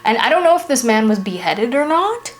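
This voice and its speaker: A woman's voice: fairly high pitch, brisk, slight background noise. Chatty young woman telling spooky stories. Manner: chatty, filler-heavy with frequent "like", animated retelling. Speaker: storyteller, channel host. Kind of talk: casual spoken ghost storytelling.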